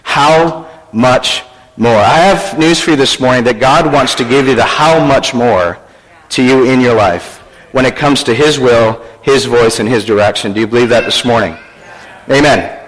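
A man's voice: mid-range voice, normal speed, long reverb tail, rough recording. A man preaching a sermon as pastor, joking and teasing his congregation.

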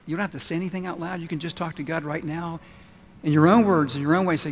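Earnest pastor in a reverberant hall. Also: male voice, fairly high pitch, fairly even intonation, fast, slight background noise. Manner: earnest, builds to emphatic repetition, softens into prayer. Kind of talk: sermon. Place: church sanctuary.

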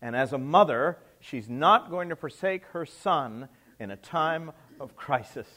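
A middle-aged male pastor preaching a sermon, emphatic, with rhetorical questions and swings between loud and soft. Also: on the high side, animated, a little slow.

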